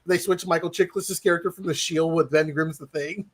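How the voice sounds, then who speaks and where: A man with a high voice chats casually on a livestream, animated and quick to laugh. He swears freely and acts out quotes as he talks. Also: husky. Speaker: co-host of a movie review livestream. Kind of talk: casual chat.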